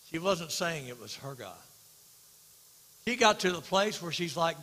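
A man preaching a sermon as pastor, swinging from hushed, slow stretches to loud, emphatic passages. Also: a little high, expressive, in a large hall, rough recording. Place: church sanctuary.

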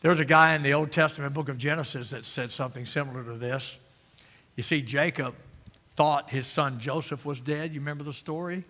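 Bright-voiced preacher in a reverberant hall. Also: male voice, on the high side, steady tone, a little fast. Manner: emphatic, shifts between loud and quiet. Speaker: pastor. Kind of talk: sermon. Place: church sanctuary. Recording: long reverb of a church hall.

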